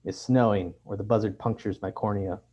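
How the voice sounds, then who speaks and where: A man reads his own fiction aloud in a measured, deadpan way. His voice sits low and sounds dark and mellow. The lo-fi recording sounds dull. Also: husky. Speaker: author reading his fiction. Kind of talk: literary reading.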